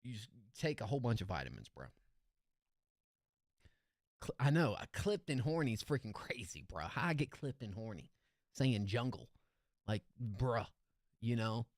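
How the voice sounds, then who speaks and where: A young man hosting a live-stream song review, excitable and slangy, laughing often as he reacts. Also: medium pitch, moderate pace, no room sound, studio quality.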